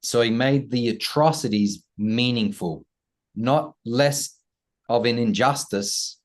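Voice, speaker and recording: A man's voice: mid-range voice, slow. A man guesting on an interview, talking earnestly and reflectively, with playful asides. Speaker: guest, self-worth coach. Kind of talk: conversational interview.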